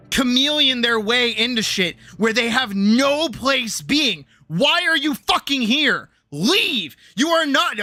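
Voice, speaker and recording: Heated, profane streamer with a lively voice. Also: medium pitch. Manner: profane, heated ranting that swings between mutters and shouts. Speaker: streamer and animator. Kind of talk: casual livestream rant.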